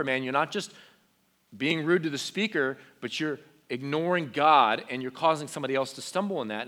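A young man preaching a sermon to teenagers from a stage, earnest and conversational, dropping to quiet emotional tones. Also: medium pitch. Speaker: youth pastor.

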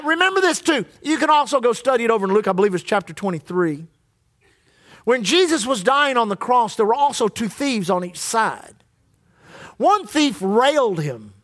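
A man's voice: high-pitched, a bit bright. A male pastor preaching a sermon in church, leading the congregation in call-and-response.

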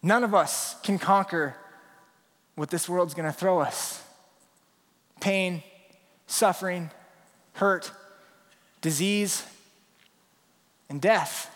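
A man's voice: high voice, takes it slowly, long pauses. A male pastor preaching a sermon in a church, telling stories and acting out scenes. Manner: animated storytelling, acts out scenes. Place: church sanctuary. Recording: long reverb in a large hall.

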